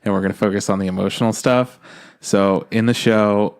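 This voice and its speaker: A lower-pitched man co-hosting a podcast, speaking into his microphone. His casual chat is earnest and emotional, with frequent swearing. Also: steady tone, a little fast, clear, resonant tone. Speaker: podcast co-host. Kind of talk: casual chat about an anime.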